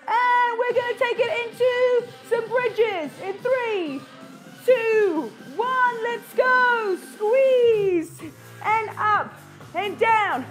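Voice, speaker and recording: A very high, bright-pitched woman leads a live home workout, counting reps and cueing each move with upbeat encouragement. Faint music plays underneath her voice. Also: very slow. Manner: upbeat, encouraging cues, chats to her dog. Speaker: fitness instructor.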